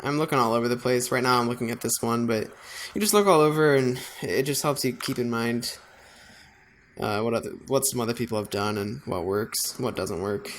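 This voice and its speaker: A man's voice: medium pitch, a little fast, a bit bright, slight background noise. A man designing on a computer, thinking aloud in a casual, self-deprecating way. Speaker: designer narrating his work. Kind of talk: casual screen-recording commentary.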